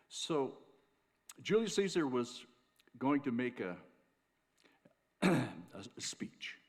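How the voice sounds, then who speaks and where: A man opens an event from the stage at an unhurried pace. He stumbles through fillers and restarts, and his voice swings widely in pitch. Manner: halting, with many fillers and restarts. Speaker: organization president. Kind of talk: welcoming speech with a joke. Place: auditorium stage.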